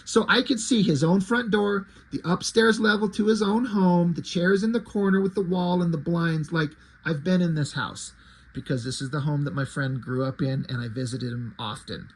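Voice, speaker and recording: A man's voice: on the high side, moderate pace, slightly rough, low-quality recording. A man reviewing an old homemade comic in a chatty, rambling way, swearing casually as he flips through it. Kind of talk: casual commentary.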